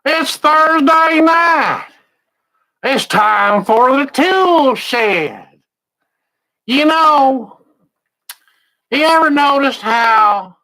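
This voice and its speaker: A man's voice: very high voice, bright, forceful tone, exaggerated voice. A man putting on a folksy drawling handyman host. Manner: hammy, exaggerated folksy delivery. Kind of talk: improvised comic skit.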